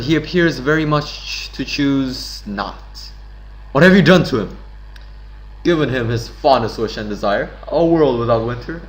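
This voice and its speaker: A man's voice: medium pitch, fairly bright tone, natural voice, rough recording. A man reading aloud as a scornful, condescending villain scientist in a game. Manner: sneering and condescending.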